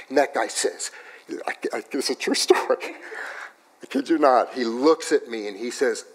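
A man preaching a sermon, telling a personal story in an animated way that swings from loud to hushed, in a church. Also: mid-range voice, moderate pace. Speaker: pastor.

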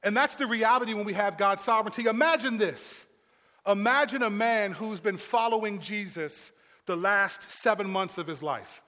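A man preaching a sermon to a congregation, moving between hushed passages and shouted storytelling. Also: high voice, normal speed, in a large hall. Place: large room with congregation.

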